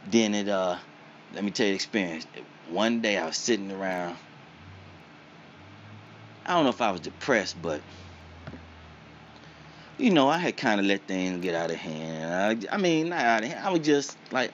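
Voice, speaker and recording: Man, mid pitch, casual interviewee, slangy and profane with a punchy beat; dull lo-fi sound with faint noise behind. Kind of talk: casual storytelling.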